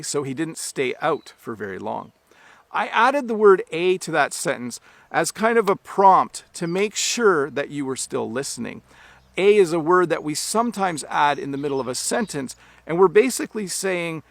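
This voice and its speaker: A Canadian man teaching English online, explaining clearly and at a measured pace for learners. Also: a little high, sing-song, no echo.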